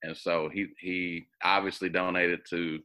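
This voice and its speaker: Deep-voiced man telling a story. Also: a little slow. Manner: animated, acts out quoted voices. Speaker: guest. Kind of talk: storytelling in an interview.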